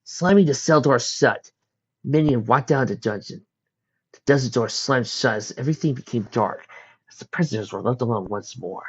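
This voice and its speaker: Husky guy reading fanfic out loud, lively pitch, muffled lo-fi audio. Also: normal speed. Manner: plain reading with some slips. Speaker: audiobook reader. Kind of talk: fan fiction reading. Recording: dull lo-fi recording.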